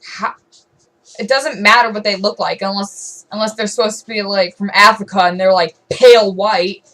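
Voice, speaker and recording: A teenage girl vents to camera in a long, rambling rant. She stumbles through fillers and restarts, and her voice sits at an ordinary pitch for a young woman. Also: steady tone, normal speed, a bit bright, rough recording. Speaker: vlogger.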